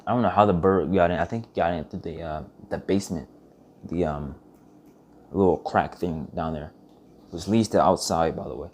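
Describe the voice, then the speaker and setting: A man's voice: deep voice, moderate pace, darkish tone, slight background noise. A young man telling rambling, profane stories in a casual vlog monologue, often restarting his sentences. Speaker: vlogger.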